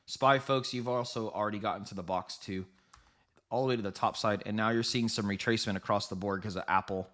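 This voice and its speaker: A man hosting a live trading stream, giving quick, rambling market commentary, correcting himself and talking straight to his viewers. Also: fairly low pitch, fairly even intonation, fairly bright tone. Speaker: livestream trading host.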